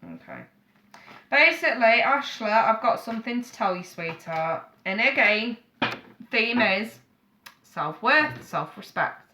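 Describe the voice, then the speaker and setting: Woman, tarot reader on a live stream; bright, forceful voice, blunt and affectionate. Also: on the high side, very animated, measured pace, a little hiss or hum. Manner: chatty, calls viewers darling and sweetheart; blunt, frank advice with swearing.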